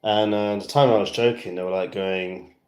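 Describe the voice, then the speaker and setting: British guy rambling on his livestream, deep voice, lots of ums, echoey room. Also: fairly even intonation, moderate pace, a little mellow. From West London, England. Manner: rambling and chatty, heavy fillers, self-amused. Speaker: YouTuber livestreaming to fans. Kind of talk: casual livestream chat.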